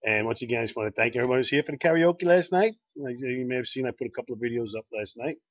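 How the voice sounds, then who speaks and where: Brief: quick, husky bar host with folksy, repetitive sales patter, recorded dull and lo-fi. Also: male voice, mid-range voice, lively intonation, no echo. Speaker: bar host promoting events. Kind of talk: casual promo talk and joke telling. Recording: dull lo-fi dry sound.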